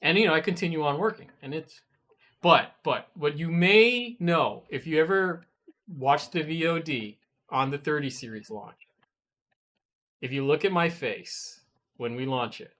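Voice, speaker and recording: A man recounts a workplace story in a relaxed studio chat. His voice sits a little high and he tells it animatedly, swearing as he acts out his past outbursts. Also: a little slow. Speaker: guest, web designer.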